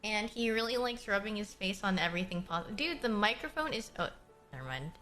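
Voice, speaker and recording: A woman's voice: medium pitch, expressive, brisk, pushed and bright, faint music behind. A young woman livestreaming in a casual, chatty way, answering her chat and cooing at her cat.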